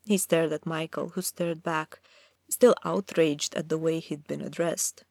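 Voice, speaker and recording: A woman's voice: low voice, steady tone, measured pace, vocal fry, a little mellow, dry recording, clean studio sound. A woman narrating a dramatic fantasy story aloud, reading expressively.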